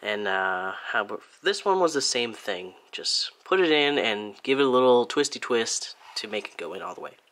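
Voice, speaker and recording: Chatty, playful toy reviewer from Germany, with a lively, swooping voice. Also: mid-range voice, normal speed, hardly any pauses. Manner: chatty, playful, makes little sound effects. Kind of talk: casual hands-on review.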